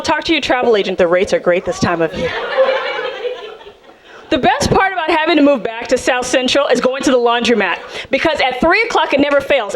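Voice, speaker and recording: Sassy high-voiced woman doing stand-up. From South Central Los Angeles. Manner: sassy, animated, acts out characters. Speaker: stand-up comedian. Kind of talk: stand-up comedy set. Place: comedy club stage with audience. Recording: live club, loud crowd laughter. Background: audience laughing.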